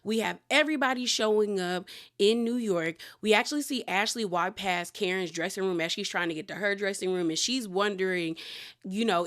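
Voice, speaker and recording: A woman giving a casual, animated recap of a reality TV episode, chatty and exclaiming as she acts out quotes. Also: medium pitch, a little fast.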